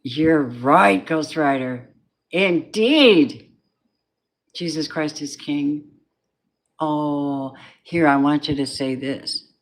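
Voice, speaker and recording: A woman's voice: sits low, very slow, long pauses. A woman reads tarot cards for a general audience in a loose, rambling way. She speaks candidly, swears freely and keeps slipping into spiritual asides. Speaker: tarot reader. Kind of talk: collective tarot reading.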